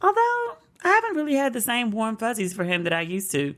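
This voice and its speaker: A woman's voice: on the high side, very animated, fast talker, fairly bright tone. Chatty american woman telling stories. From United States. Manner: chatty storytelling, acts out quoted people in a raised voice. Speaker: podcast host. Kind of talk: casual chat.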